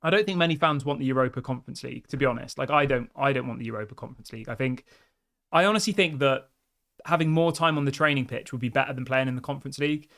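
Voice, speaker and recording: A man's voice: mid-range voice, quick pace, vocal fry, a bit bright. A man hosting a live football fan show. He talks in a chatty, direct way and keeps asking viewers to share their opinions. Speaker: football fan channel host. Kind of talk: live-stream commentary to viewers.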